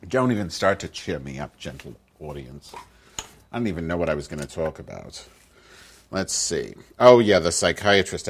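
A cranky middle-aged woman podcast host, played by a man, swearing and grumbling through a rambling comic monologue. Her voice sits low and heavy for a woman. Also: husky, exaggerated voice. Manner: profane, grumbling, rambling rants.

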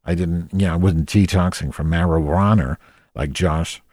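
A man's voice: low-pitched, moderate pace, a little mellow, no echo, studio quality. A man telling a comic story as a rant, profane and exasperated. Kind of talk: comedic rant monologue.

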